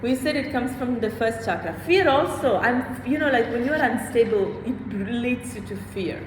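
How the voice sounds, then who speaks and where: Woman yoga teacher, animated, keeps asking hmm?, big echoey hall, faint room noise. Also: fairly high pitch, moderate pace. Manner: animated, checks in with "hmm?", acts out inner voices. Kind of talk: teaching a small class.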